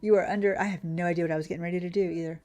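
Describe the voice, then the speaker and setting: A woman's voice: fairly even intonation, rapid-fire, a little mellow. A woman streamer ranting in casual chat while playing a farming game, often losing her train of thought. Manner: ranting, loses her train of thought, mimics others in a higher voice. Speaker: gaming streamer.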